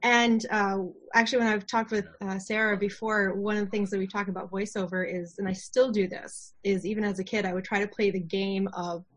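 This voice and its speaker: A woman giving a chatty self-introduction in a class over a video call. She talks in an animated way with many fillers and laughs. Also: mid-range voice, brisk, few pauses. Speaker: voiceover student introducing herself.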